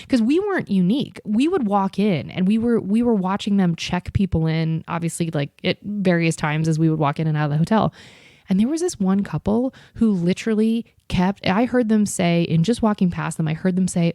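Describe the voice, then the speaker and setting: A woman's voice: on the low side, brisk, a little mellow, no room sound, clean studio sound. A young adult woman hosting a podcast, telling a story in a chatty, candid way and swearing freely. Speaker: podcast host. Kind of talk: casual storytelling.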